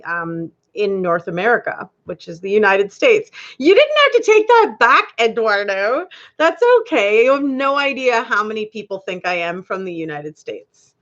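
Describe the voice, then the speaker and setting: A woman's voice: fairly high pitch, pushed and bright, lo-fi sound. A woman hosting a live stream, chatting casually with viewers and reading their comments, giggling often. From Canada.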